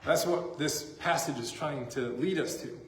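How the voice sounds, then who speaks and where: A male pastor with a fairly high voice preaches a little slowly in a church sanctuary, and the hall echoes. His sermon is casual, joking, and conversational.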